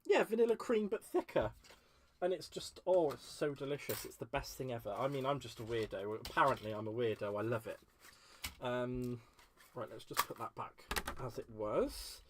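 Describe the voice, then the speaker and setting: A man's voice: mid-range voice, normal speed, noisy background. A man hosting a crafting livestream from his home craft space, chatting casually and gushing as he answers viewer comments. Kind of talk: casual live-stream chat while crafting.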